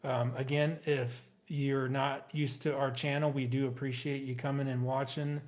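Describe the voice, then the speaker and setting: A middle-aged man hosting a casual live stream from home, talking in a halting way with many fillers. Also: mid-range voice, level tone, darkish tone, highs cut off.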